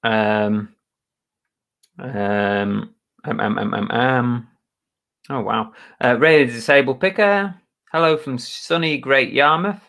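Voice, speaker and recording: A man hosts a relaxed live stream, reading out viewers' names. He talks at an unhurried pace in a mid-range voice. He is chatty and self-mocking, and mutters mild curses at his streaming software. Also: mid-range voice, vocal fry. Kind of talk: casual live chat, greeting viewers.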